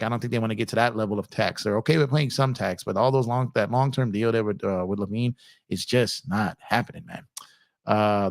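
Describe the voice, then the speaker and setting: Young male streamer, relaxed chatty delivery, repeats himself for emphasis, dry mic. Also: medium pitch, no echo. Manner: conversational, repeats phrases for emphasis, addresses chat as man and y'all. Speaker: livestream host. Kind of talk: casual live-stream chat reading viewer comments.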